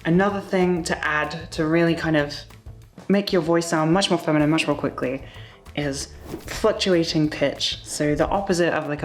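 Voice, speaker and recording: A young woman vlogging at home in a casual, chatty way, full of fillers and little asides. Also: sits low. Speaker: YouTuber. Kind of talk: casual vlog talk.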